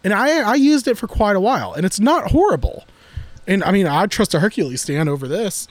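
A joking man co-hosting a gear podcast, his pitch leaping about as he talks in restless bursts. His voice sits a little high, and the recording is close and dry, with no room sound. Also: expressive, brisk, no echo. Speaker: podcast co-host. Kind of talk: casual chat.

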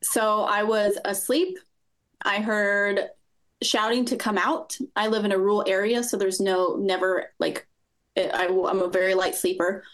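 Woman in her 30s telling her story straight, blunt, cusses a bit, middle pitch. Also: fairly even intonation, unhurried, fairly bright tone. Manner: candid, storytelling, blunt with some swearing. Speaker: guest.

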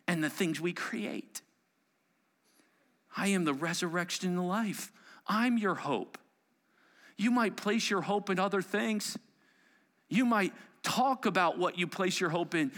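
A middle-aged male pastor preaching a sermon, emphatic and swinging from loud declarations to hushed whispers. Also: high voice.

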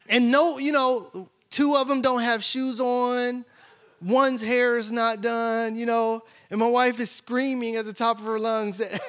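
A man's voice: sits high, sharp tone, clear, resonant tone. A middle-aged male pastor preaching a sermon, telling family stories and acting out their voices. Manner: storytelling, acts out family voices.

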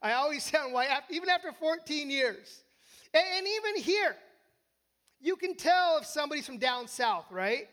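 American pastor, high-voiced, chatty sermon delivery with tag questions. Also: lively intonation, moderate pace, fairly bright tone. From United States. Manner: conversational, frequent tag questions and restarts.

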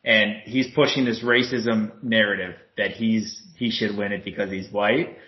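A man co-hosting a casual sports chat, animated and swearing a lot as he retells a heated argument. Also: fairly low pitch, measured pace. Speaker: podcast co-host. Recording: roomy, dull lo-fi sound.

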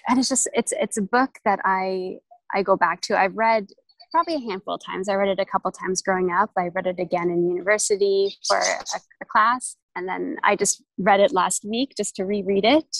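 A woman's voice: mid-range voice, steady tone, a little fast, gravelly, low-quality recording. A young woman co-hosting a podcast, chatting casually with many restarts and fillers. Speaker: podcast co-host. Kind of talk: casual chat.

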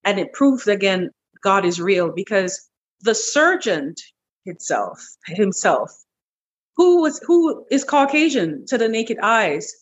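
An animated middle-aged woman tells her own story as an interview guest. Her voice swings up and down freely as she talks, and she stumbles over and repeats words when she gets going. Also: mid-range voice, slight background noise. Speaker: interview guest, wellness clinic owner.

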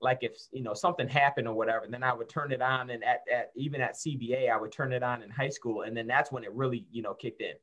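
A man's voice: medium pitch, steady tone, fast talker, few pauses, a bit bright. A man in his fifties, from Syracuse, New York, telling a story about his college football days in a casual interview, with many restarts and fillers. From Syracuse, New York, USA. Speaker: guest, former college football player.

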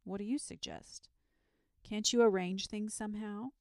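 A woman's voice: mid-range voice, fairly even intonation, normal speed, darkish tone, dry recording, pitched above the performer's own voice, close to an everyday voice. Woman reading as a grave, courtly knight. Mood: perplexed. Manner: solemn, old-fashioned, frank.

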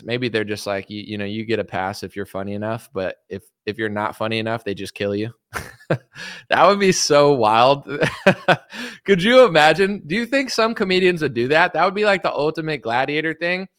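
A man chatting loosely on his own show, jumping between jokes and reading comments. His voice is smooth and clear at a middle pitch, recorded dry and close. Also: normal speed, fairly bright tone, dry recording. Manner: joking, rambling, lots of fillers. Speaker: show host. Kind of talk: casual comedic livestream chat.

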